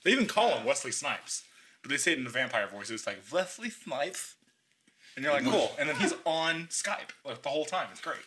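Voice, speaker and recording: A man's voice: mid-range voice, sing-song, fast talker, noisy background. A man hosting a casual podcast chat, joking around and swearing freely. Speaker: podcast host.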